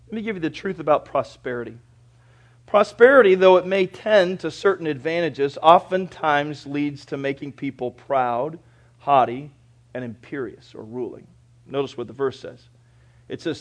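A male pastor preaching a sermon in a church, folksy and conversational, swinging between quiet reflection and loud, lively bursts. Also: a little high, moderate pace. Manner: folksy, conversational preaching with everyday examples and asides.

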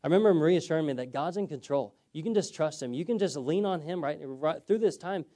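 Mellow-voiced young man preaching a testimony. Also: fairly high pitch, animated, fast. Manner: storytelling, conversational with frequent "okay?" check-ins. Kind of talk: sermon testimony.

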